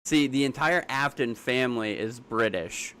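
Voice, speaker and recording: Blunt, fast-talking young man. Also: mid-range voice, animated, fairly bright tone, a little hiss or hum. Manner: blunt, rapid, argumentative. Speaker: streamer. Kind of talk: casual live-stream talk.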